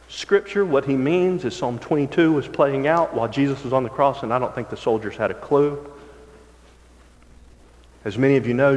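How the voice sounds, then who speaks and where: A man preaching a sermon as pastor, reading scripture slowly and swinging between forceful emphasis and hushed, low passages. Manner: dramatic shifts from loud emphasis to hushed low tones; slow, drawn-out scripture reading. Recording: long reverb of a large hall.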